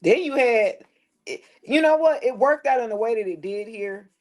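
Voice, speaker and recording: A woman giving a casual tarot reading to the camera, blunt and preachy, swearing freely and dropping her voice low at times. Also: lively intonation, normal speed, a little mellow. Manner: preachy, blunt and profane, with loose slangy phrasing; drops into a lower tone at times. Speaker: tarot reader.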